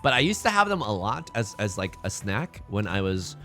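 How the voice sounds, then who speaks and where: A young man streaming a mahjong game, chatting casually and joking with playful, drawn-out emphasis. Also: lowish voice, very animated, a bit bright, soft background music. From China. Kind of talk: casual live-stream commentary while playing mahjong.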